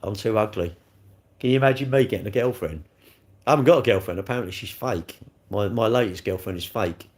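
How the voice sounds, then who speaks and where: A man's voice: lowish voice, a little fast. Rambling man chatting live. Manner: rambling, jokey, answering chat comments. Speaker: livestreamer reading chat. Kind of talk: casual live-stream chat.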